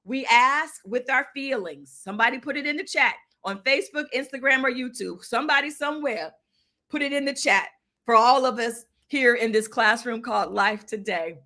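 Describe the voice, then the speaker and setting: Woman host for a live mindfulness stream, high and bright voice, emphatic and encouraging, keeps checking in with her chat. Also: moderate pace. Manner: emphatic, repeats phrases, calls to the chat, asks "right?".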